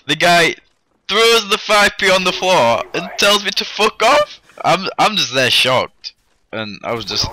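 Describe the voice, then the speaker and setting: A man's voice: lowish voice, bright, forceful tone, a little hiss or hum. A young man chatting casually to viewers and rambling through a funny story with self-deprecating humour. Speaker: gaming YouTuber. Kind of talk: casual vlog storytelling over game footage.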